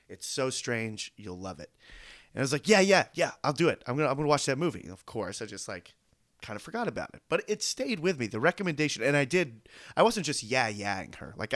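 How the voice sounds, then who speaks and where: A man's voice: medium pitch, a bit bright, no echo, studio quality. A man co-hosting a movie podcast, telling a story in a chatty, casual way. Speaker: podcast co-host.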